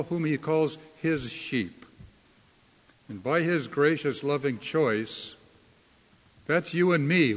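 Man preaching a sermon real slow, punches key words, big echoey hall. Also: mid-range voice, a bit bright. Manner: slow, deliberate preaching with emphatic stresses. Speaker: pastor. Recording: long reverb of a hall.

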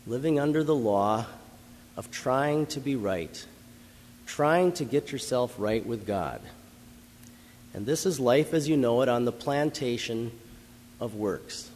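A man preaching a sermon, telling a story in an earnest, dramatic way that builds to loud emphasis. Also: medium pitch, a little hiss or hum. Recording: long hall reverb.

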